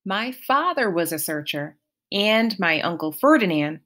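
A woman's voice: fairly low pitch, very animated, unhurried, fairly bright tone. A woman doing an earnest young satyr boy. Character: anxious young male satyr, earnest and sad.

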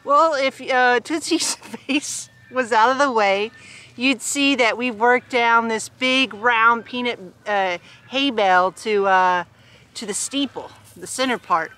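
Outdoors on a farm beside a hay bale with animals nearby, a woman reads a picture book aloud in a slightly high, sharp voice at a slow pace. Between pages she slips into giggly, chatty asides.

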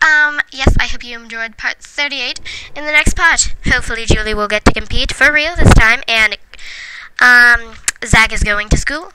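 A woman hosting a let's play, giving casual gameplay commentary in a chatty, giggly way and talking to the game characters. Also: fairly high pitch. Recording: noisy home recording.

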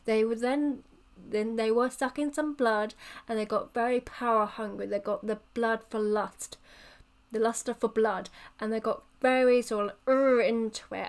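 A woman's voice: a little high, steady tone, moderate pace. A woman telling a rambling, playful story in a casual voiceover for her channel. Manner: rambling, playful, self-correcting. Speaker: channel creator.

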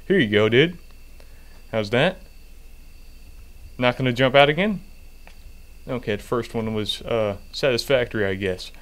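A man's voice: medium pitch, a little slow, pauses often, a bit bright. A man playing a game and commenting in a sarcastic, joking way, with casual swearing. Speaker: gamer.

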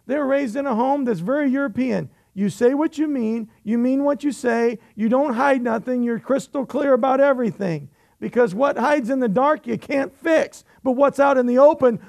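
A middle-aged male pastor preaching a sermon. His voice sits high for a man and carries a gravelly edge. He mixes teasing humor with repeated questions to the congregation. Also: moderate pace, hardly any pauses, darkish tone.

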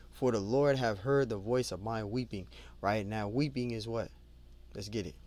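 A man giving an informal Bible study who reads scripture slowly, then talks it over conversationally, repeating himself and calling his listeners "man.". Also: mid-range voice, dry recording. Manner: conversational, repeats and restarts words, adds "man" and "you know"; reads scripture aloud slowly, then lists word meanings. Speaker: Bible teacher.

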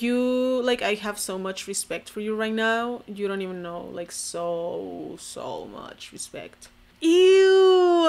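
A young woman from Mexico with vocal fry, reacting to her old posts in a casual, sarcastic, self-mocking way and saying "like" constantly. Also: a little high. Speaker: vlogger. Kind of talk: casual commentary to camera.

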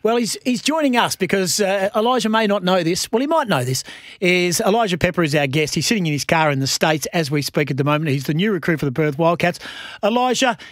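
An Australian man hosting breakfast radio in an upbeat, joking manner. His voice sits quite high for a man, and the studio sound is dry and close. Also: dry recording.

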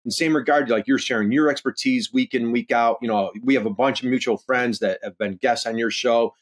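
A man talking as a guest on a business podcast, eager and rambling, with plenty of fillers. His pitch sits in an ordinary middle range for a man. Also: fairly even intonation, fairly quick. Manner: enthusiastic, rambling, heavy use of "you know" and "uh". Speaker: podcast guest, e-commerce consultant. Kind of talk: conversational interview.

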